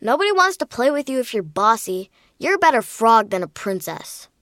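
A woman's voice: high-pitched, very animated, moderate pace, fairly bright tone, no echo, studio quality. A woman voicing a cheeky, teasing young girl in an audio storybook, with a sing-song delivery.

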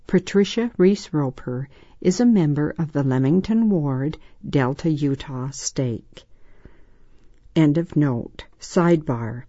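A woman reads a children's story in a measured, gentle way. Her voice is low and mellow. The recording is dry and dull, with a lo-fi sound. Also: no echo. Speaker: reader. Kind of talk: scripted storybook narration.

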